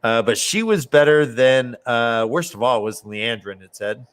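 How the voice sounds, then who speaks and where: A man's voice: mid-range voice, unhurried, clean tone. A man hosting a casual book discussion show, recapping chapters in a joking, rambling way and swearing casually. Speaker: podcast host summarizing chapters.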